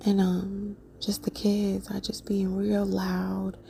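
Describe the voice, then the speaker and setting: Woman whispering, dark and gravelly. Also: medium pitch, completely flat delivery, takes it slowly, a little hiss or hum. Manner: soft unvoiced whisper, many fillers. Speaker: vlogger. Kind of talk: whispered dream retelling.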